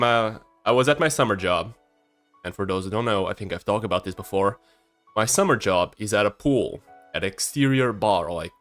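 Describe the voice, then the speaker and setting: A man in his early twenties, a streamer casually telling a story, shy and prone to stammering. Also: lowish voice. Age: early 20s. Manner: shy and stammering, with a swinging, lively delivery.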